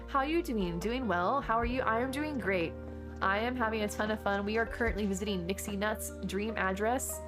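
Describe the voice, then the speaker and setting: A woman streaming a game from home, chatting casually and rambling through stories while answering her chat. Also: medium pitch. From Texas. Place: home desk. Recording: chill music playing under the voice. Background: background music.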